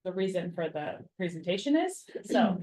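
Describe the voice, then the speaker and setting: Lowish-voiced woman at a board meeting. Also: very animated, normal speed, a little mellow, poor audio. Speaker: school board committee member. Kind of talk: casual meeting discussion. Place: meeting room.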